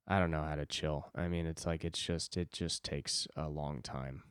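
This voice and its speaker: In a solo podcast monologue, a host in his twenties rambles, curses, and puts himself down. His rumbling low voice holds a steady tone at a moderate pace, fairly bright and smooth. The recording is clean studio sound without echo.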